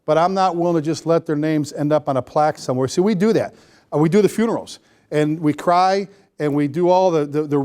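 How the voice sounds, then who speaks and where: A man speaking as a fire chief at a seminar, energetic and folksy, repeating phrases for emphasis. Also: on the high side. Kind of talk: motivational seminar talk to firefighters. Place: seminar room before a live audience.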